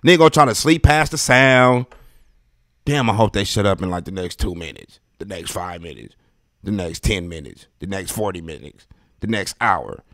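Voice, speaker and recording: A man, hosting a podcast from his house in a casual monologue, ranting profanely and swinging between low mutters and loud outbursts. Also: expressive, normal speed, no echo, studio quality. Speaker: podcast host.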